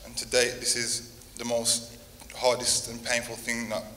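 A man reading a eulogy for the grandfather who raised him, with a steady, even delivery. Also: mid-range voice, a little slow. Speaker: grandson giving a tribute. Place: church. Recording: long hall reverb, faint noise.

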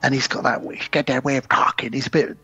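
A man's voice: medium pitch, flat delivery, quick pace, bright, forceful tone, husky, dull audio, soft background music. A man co-hosting a podcast, recapping film scenes in casual chat and acting out the lines. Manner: retells scenes with quoted character voices. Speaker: podcast co-host.

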